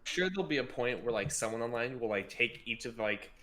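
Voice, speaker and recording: A man's voice: mid-range voice, lively intonation, fairly quick, bright, forceful tone. A man co-hosting a podcast, laid-back and casual, often agreeing with short fillers. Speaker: podcast co-host. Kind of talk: casual chat.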